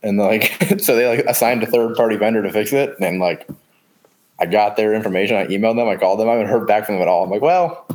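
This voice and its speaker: Low-voiced man rambling casually. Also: fast talker. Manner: rambling, swears freely. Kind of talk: casual chat.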